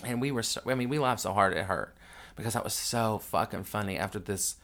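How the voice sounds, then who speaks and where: Grieving man, low voice, candid storytelling. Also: brisk, creaky. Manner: candid and profane, swings from hushed grief to loud excited retelling. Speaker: podcast host. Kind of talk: raw emotional storytelling.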